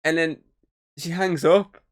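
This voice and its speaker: A man's voice: fairly even intonation, takes it slowly. A man co-hosting a podcast, talking casually and at length about a film, swearing often. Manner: rambling, swears, mimics voices in high pitch. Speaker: podcast co-host. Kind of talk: casual movie review chat.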